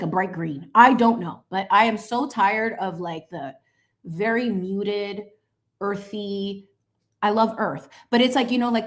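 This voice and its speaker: Chatty late-thirties woman painting live. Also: medium pitch. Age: 30s. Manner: chatty, animated, greets chat viewers with squeals. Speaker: painting livestream host. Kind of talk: casual chat while painting live.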